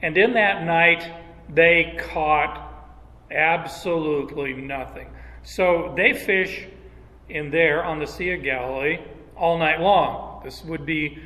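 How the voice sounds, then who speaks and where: Slow, bright-voiced preacher in a hall. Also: male voice, fairly high pitch. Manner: conversational, with folksy asides. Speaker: pastor. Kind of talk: expository sermon. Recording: long reverb of a large hall.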